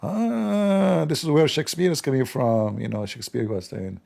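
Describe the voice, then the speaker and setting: Male stream host, sarcastic and mock-outraged, husky dark voice. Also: medium pitch, moderate pace. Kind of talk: joking live news commentary.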